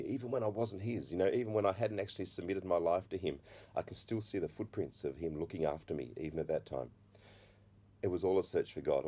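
A middle-aged man sharing his personal testimony, halting with many restarts, and a slight cough. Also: a bass voice, mellow. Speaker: speaker giving his testimony.

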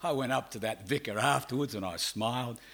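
A middle-aged man with an Australian accent preaching a sermon. He shifts between loud, drawn-out emphasis and quiet, fast asides. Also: mid-range voice, gravelly. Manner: acts out quoted people in brief voices.

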